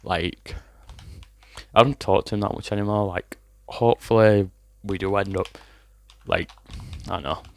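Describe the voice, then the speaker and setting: A young man rambles through a sweary story in a very low, flat, gravelly voice. A cough lingers in his throat, and the talk is full of fillers and restarts. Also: measured pace, long pauses. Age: 20s. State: has a cough. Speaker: vlogger. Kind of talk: casual storytime vlog.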